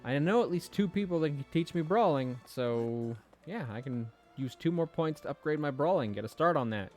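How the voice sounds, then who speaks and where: Sarcastic, lively game streamer. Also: medium pitch, moderate pace. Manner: offhand and sarcastic. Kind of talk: game commentary. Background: game music.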